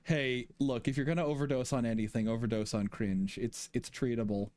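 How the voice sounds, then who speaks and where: A man's voice: mid-range voice, steady tone, a little fast, darkish tone, no echo. A man streaming and chatting casually with a friend, laughing often and rambling through restarts. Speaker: streamer ranking fan fiction chapters.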